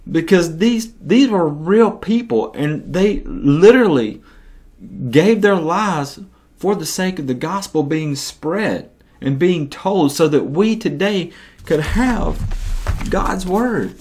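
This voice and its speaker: A man hosting a Bible-teaching podcast, telling the story in an earnest, animated way. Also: a little high, slow.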